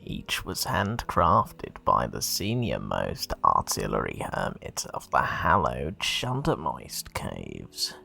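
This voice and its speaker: A sepulchral old keeper from a dark fantasy game, slow and grave. His voice drops far below ordinary speech into a dark, gravelly murmur. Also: very deep voice, voice pushed down, heavily acted.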